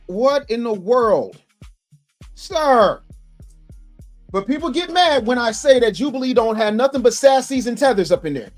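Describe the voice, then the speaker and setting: A man hosts a reaction livestream from his home setup, speaking through a studio microphone. His voice sits fairly high, and he exclaims and jokes with his viewers as he reacts to clips. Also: measured pace, long pauses, faint music behind. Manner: animated, exclaiming, teasing chat. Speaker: livestream host. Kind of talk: reaction commentary.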